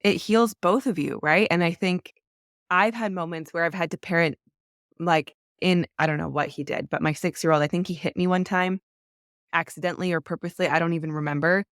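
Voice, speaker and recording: A woman's voice: lowish voice, steady tone, fairly quick, dry recording, studio quality. A woman speaking as a podcast guest, talking earnestly and emotionally about parenting, with lots of "like" fillers. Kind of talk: candid conversational interview.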